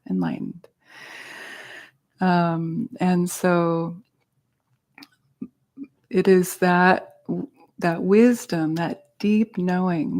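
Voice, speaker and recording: A woman's voice: fairly low pitch, darkish tone. A woman teaching a meditation class, patiently explaining terms in a casual way and adding self-aware asides to the group.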